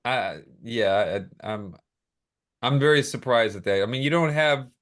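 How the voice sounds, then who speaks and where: A man's voice: medium pitch, lively intonation, measured pace, fairly bright tone. A man co-hosting a podcast, chiming in casually with reactions and short asides. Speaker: podcast co-host. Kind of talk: casual chat.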